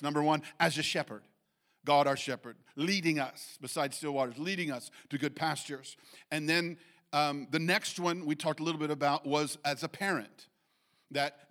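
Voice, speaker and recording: A man preaching a sermon, reading scripture and speaking with animated rises, restarts and fillers. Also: on the high side. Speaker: pastor.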